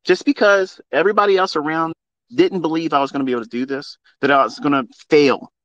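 A man's voice: on the high side, steady tone, quick pace, fairly bright tone, no room sound, lo-fi sound. Passionate preachy man on a phone. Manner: passionate, preachy, blunt with swearing. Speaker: trading mentor hosting a live audio space. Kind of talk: unscripted heartfelt monologue.

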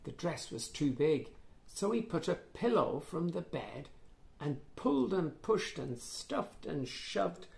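A man reading a children's picture book aloud in a playful, animated way, with gasps and asides to the listener. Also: fairly high pitch, slow pace, creaky. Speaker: children's storyteller. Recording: echoey room.

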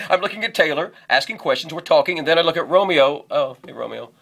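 A man hosting a rock radio show keeps the chat loose and laughs easily at his guest. His voice sits a little high and moves around a lot in pitch. He talks into a studio microphone. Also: animated, fairly quick, gravelly, a bit bright. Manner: laid-back, laughs easily, short interjections. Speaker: radio DJ host.

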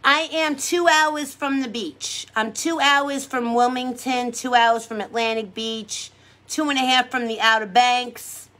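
A woman hosts a casual makeup livestream, reading comments and chatting with viewers in a rambling, upbeat, encouraging way. Her voice is a little high, steady and sharp in tone, and unhurried.

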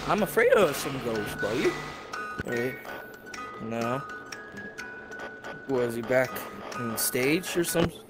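A young man doing casual let's-play commentary, jumpy and swearing, muttering low and then yelping. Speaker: gaming youtuber.

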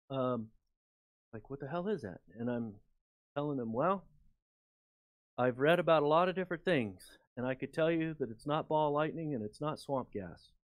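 A man's voice: fairly high pitch, dry recording. Man telling a story, close dry mic. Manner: rambling, animated anecdote with many fillers. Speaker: guest author and researcher. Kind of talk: casual storytelling in an interview.

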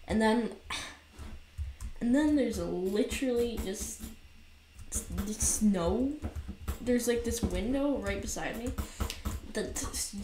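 A woman chatting loosely over her gameplay, stringing thoughts together with lots of fillers and poking fun at herself. Her voice bounces around a bare basement room, with a steady hiss and mouse clicks underneath. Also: a little high, slow pace, long pauses. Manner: rambling, filler-heavy, self-mocking, easily frustrated. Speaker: gaming commentator. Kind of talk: casual gameplay commentary. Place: cold basement room by a window. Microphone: new USB desk mic. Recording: roomy echo with noisy background.

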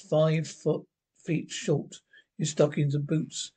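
A man reading out the narration of a classic TV drama. He takes it measured and deliberate, with a voice that sits a touch high. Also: level tone, dark tone, slightly rough. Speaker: script reader and narrator.

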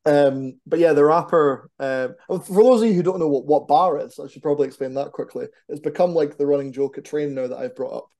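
A young Scottish man chatting animatedly as a wrestler guest on a podcast. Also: on the high side. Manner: animated, quick to banter. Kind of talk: casual podcast chat.

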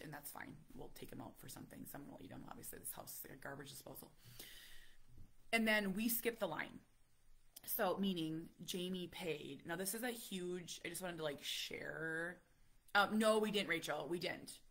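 Mom vlogger, husky and a little low, casual live chat full of "like". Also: female voice. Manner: chatty, lots of "like", animated storytelling. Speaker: vlogger talking to live viewers.

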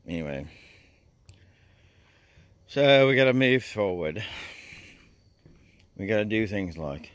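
A man rambling through a casual vlog, drawling "man" and "oh God" constantly and jumping up to high excited squeals. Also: measured pace, vocal fry, pauses often, dry recording. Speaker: vlogger.

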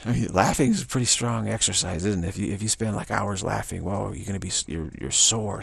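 A man's voice: lowish voice, fast, gravelly, few pauses, husky, no echo. An older man giving an informal spiritual talk, rambling through anecdotes and acting out little dialogues with a chuckle. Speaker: spiritual teacher.

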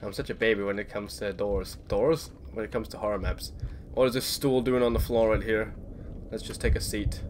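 A man's voice: on the low side, steady tone, moderate pace. A young man playing a horror game at home in his bedroom, commenting nervously and swearing at doors and noises. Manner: jumpy, swearing, talking to the game. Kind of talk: let's play commentary. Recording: clear background game noise.

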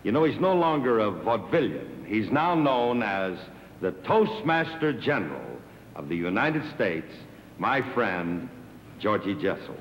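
A man's voice: on the low side, sing-song, measured pace, a little hiss or hum. A man hosting a show, giving a friendly stage introduction that builds up to the guest's name in a large theater. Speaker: show host. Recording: dull 1960s TV sound, long hall reverb.

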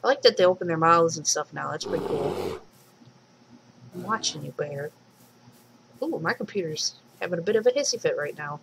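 A woman's voice: fairly low pitch, animated, moderate pace, creaky, pauses often, noisy background. A woman casually commenting on her own game as she plays, chatting to the animals she meets and squealing when startled. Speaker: let's play host and mod maker.

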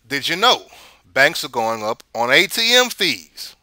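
A man's voice: medium pitch, big pitch swings, a little slow, bright, forceful tone, no echo. A man hosting a casual money commentary show, rambling and repeating words as he tells stories.

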